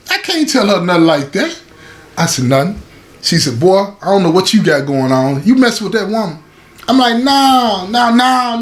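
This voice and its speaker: Animated man telling a jailhouse story. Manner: animated, acts out quotes with rising pitch, addresses listeners as y'all. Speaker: host telling prison stories. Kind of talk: casual storytelling monologue.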